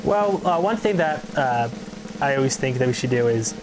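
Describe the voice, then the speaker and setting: A man co-hosting a casual movie review, speaking quickly with hesitant fillers. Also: medium pitch, lively intonation, over music.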